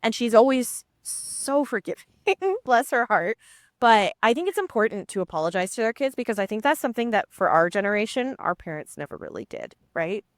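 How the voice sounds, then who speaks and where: A woman's voice: on the high side, big pitch swings, fairly quick, no room sound, clean studio sound. A woman hosting a podcast who talks in a reassuring, conversational way. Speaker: podcast host. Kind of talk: casual podcast interview.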